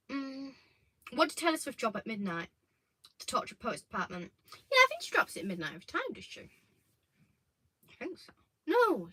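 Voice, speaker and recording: High, bright-voiced young Englishwoman chatting. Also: rough recording. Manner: rambling, chatty, trailing off mid-sentence. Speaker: livestream co-host. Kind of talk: casual livestream chat.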